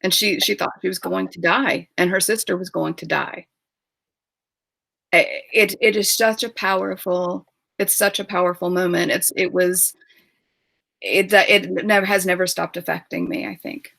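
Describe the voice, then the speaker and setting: A woman author in a video call interview, speaking with emotion in a halting way and often repeating words, near tears. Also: lowish voice, gravelly, fairly bright tone, dry recording. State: tearful.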